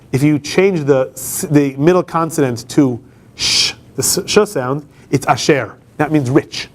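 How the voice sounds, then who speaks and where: In a law school classroom, a man who serves as campus rabbi lectures informally with a somewhat high, slightly mellow voice. He keeps it conversational, frequently restarting and asking the class questions.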